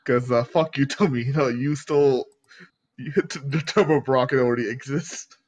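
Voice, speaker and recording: Man, streamer host, casual voice chat, laughs a lot, stumbles over words, average pitch. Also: steady tone, normal speed. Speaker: streamer hosting a late-night chat.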